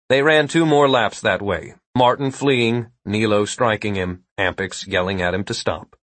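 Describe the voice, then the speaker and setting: A man's voice: medium pitch, fairly bright tone, husky, no echo. A man narrating an audiobook in a wry storytelling manner, read on a close, dry mic.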